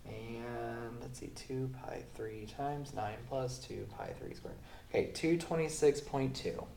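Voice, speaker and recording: A man who is sick, teaching a recorded math lesson in a relaxed way with many fillers, going through the steps slowly. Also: mid-range voice, gravelly, slight background noise. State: sick, voice sounds off. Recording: roomy echo.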